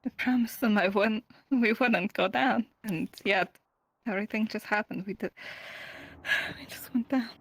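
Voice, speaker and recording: A woman voicing a guilt-stricken adventurer who pleads in halting, breathy phrases. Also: mid-range voice, no echo, natural voice. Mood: anguished.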